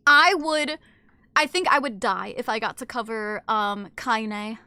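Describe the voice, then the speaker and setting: A woman streamer chatting casually with her live chat while eating, animated, switching between loud exclamations and low asides, swearing freely. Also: unhurried, clean tone, dry recording, studio quality.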